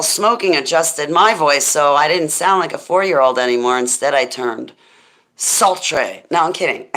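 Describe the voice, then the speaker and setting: Deep smoky-voiced woman chatting slowly. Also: fairly bright tone. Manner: rambling, goofy, thanks chat viewers. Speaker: livestream host. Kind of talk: casual livestream chat.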